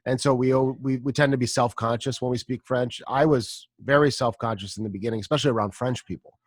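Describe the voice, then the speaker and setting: American man, podcast host, loose and rambling, dry close sound, average pitch. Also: quick pace, no echo. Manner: relaxed, rambling, frequent ums and throat clearing. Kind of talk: casual conversational interview.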